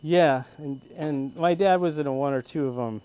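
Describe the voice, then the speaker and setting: An older man at an open mic, telling a rambling, self-deprecating personal story with halting restarts. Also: a little high, mellow. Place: comedy club stage.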